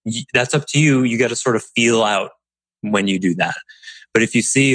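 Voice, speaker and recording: A man giving a casual instructional talk as a business coach, explaining in a relaxed, conversational way and acting out little bits of quoted dialogue. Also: medium pitch, moderate pace, dry recording.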